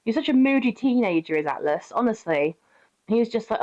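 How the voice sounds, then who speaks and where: A woman's voice: on the high side, animated, fairly quick, a little mellow. Brit girl streaming a pet game, swearing and laughing, cooing at her pup, kinda muffled audio. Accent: British. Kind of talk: casual gameplay commentary.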